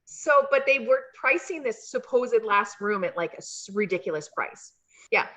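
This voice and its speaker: A woman telling animated stories as an interview guest, slipping into high voices when she acts out what people said. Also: moderate pace, poor audio. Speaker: interview guest, former wrestling valet. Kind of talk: casual storytelling interview.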